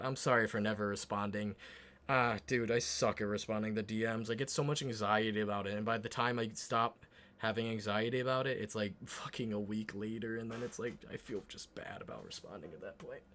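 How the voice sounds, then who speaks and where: A man streaming live and chatting casually with his viewers while he paints a miniature, swearing often and muttering quietly as he concentrates. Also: lowish voice, brisk. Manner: relaxed, swears often, talks to chat while working.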